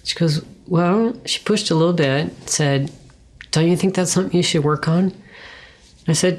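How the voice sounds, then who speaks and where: A woman's voice: on the low side, a little mellow. A middle-aged woman telling an earnest, emotional personal testimony, acting out remembered words and sometimes dropping to a whisper. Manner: earnest, emotional, acts out her own and others' words with whispers and pauses. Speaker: guest sharing her testimony. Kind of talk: personal testimony, conversational storytelling.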